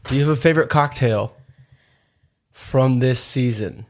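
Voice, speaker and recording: A man co-hosts a relaxed podcast at an everyday middle pitch. He teases drily, puts his co-host on the spot and moves the conversation from topic to topic. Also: a little slow. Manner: dry, teasing, steers the talk. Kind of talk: casual chat.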